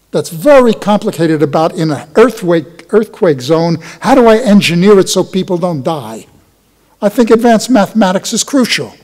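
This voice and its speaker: A man's voice: high voice, a little mellow. An older man, a professor, giving a conference keynote and telling a personal story with emotion. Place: large lecture hall. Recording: long hall reverb.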